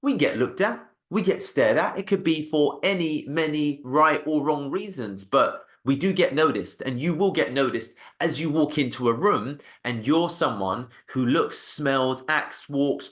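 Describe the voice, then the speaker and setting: A man's voice: on the high side, lively intonation, normal speed, fairly bright tone. A man, an agency founder, giving an emphatic motivational talk, repeating phrases for stress and checking in with "okay?".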